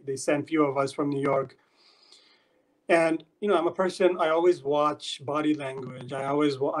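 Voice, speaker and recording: A man's voice: on the high side, low-quality recording. A man telling his personal story of faith, earnest and reflective, with many fillers and repeated words. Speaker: convert sharing his story. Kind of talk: personal testimony.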